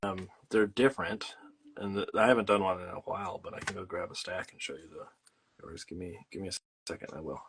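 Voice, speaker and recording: A man's voice: low-pitched, fairly even intonation, fast talker, fairly bright tone, breathy edge. A man hosting a casual livestream from a home studio, explaining things in a rambling way with plenty of fillers while he works on art. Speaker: host.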